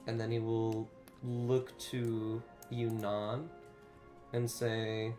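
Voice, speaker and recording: A man runs a tabletop game over voice chat, taking his time with each line and often pausing on fillers. His voice sits at an ordinary middle pitch, and the room around him rings with a noticeable echo. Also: monotone, dark tone, faint music behind. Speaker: game master.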